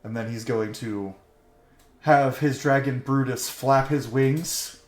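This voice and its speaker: A man's voice: medium pitch, slow pace, echoey room. A man narrating a tabletop game as game master, in a casual, easygoing way with frequent fillers. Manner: casual, filler-heavy storytelling.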